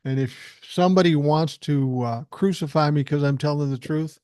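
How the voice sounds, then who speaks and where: A man's voice: on the high side, normal speed, darkish tone, clean tone, no room sound, clean studio sound. An older man hosting a solo podcast, talking bluntly and emphatically, with frequent swearing. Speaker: podcast host. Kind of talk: solo political podcast monologue.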